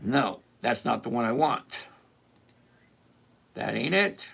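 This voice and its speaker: Slow, sarcastic middle-aged livestream host. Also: medium pitch, animated, vocal fry, fairly bright tone, husky. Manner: teasing, sarcastic, talks straight to a viewer; deliberate, repeats points slowly. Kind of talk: casual livestream commentary.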